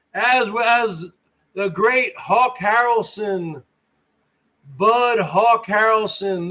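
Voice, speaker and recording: A man with a high-pitched, slightly bright voice hosts his own livestream, delivering a boastful rant that's brash, mocking and full of swearing.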